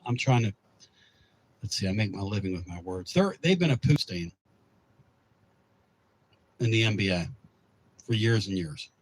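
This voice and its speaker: A man's voice: fairly low pitch, slight background noise, rough recording. A male sports talk radio host who talks in a blunt, emphatic, folksy way.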